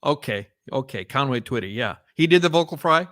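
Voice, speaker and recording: Brisk and lively in intonation, this man's mid-range, fairly bright voice carries a casual podcast chat as co-host, full of fillers, restarts and rambling. The recording is dry and studio-clean.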